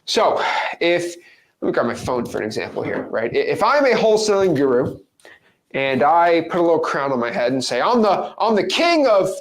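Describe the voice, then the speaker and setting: A man coaching viewers on real estate wholesaling in an energetic, playful, casual teaching monologue. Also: fairly high pitch, fairly quick.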